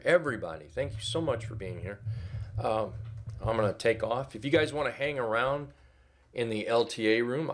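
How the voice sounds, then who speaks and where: A man presenting a live trading webinar, talking casually with fillers and repeating key phrases for emphasis. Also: medium pitch.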